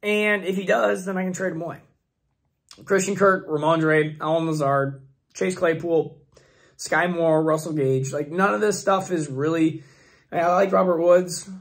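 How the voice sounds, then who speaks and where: A man hosting a fantasy football channel, his voice hoarse and failing, rambling through mock draft picks in casual commentary. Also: fairly high pitch, fairly even intonation, a little slow. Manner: rambling, restarts often, thinks aloud.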